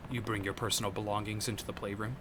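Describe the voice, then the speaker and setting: Kiryu, a man putting on a deep stoic yakuza voice. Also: quick pace, noisy background, close to an everyday voice. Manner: low, quiet, deadpan delivery. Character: stoic tough male yakuza, gruff and terse. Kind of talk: reading game dialogue aloud on a stream.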